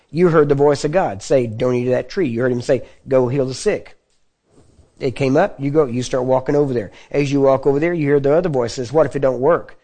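A man preaching a sermon in a conversational teaching manner, often checking in with his listeners and clearing his throat. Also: medium pitch, dark tone. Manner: conversational teaching with frequent check-ins to the audience.

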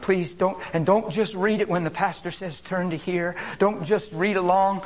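Male preacher, high voice, fervent sermon delivery, hushed whispers and loud cries, calls out to congregation. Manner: impassioned, swings between hushed whispers and loud exclamations; repeats phrases and calls out to the congregation.

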